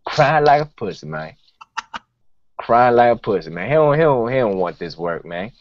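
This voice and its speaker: A man's voice: medium pitch, big pitch swings, moderate pace, no room sound, lightly acted. A man doing a brash boastful Southern rapper. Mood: trash-talking. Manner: slangy drawling boasts ending lines with "man". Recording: dull lo-fi podcast audio.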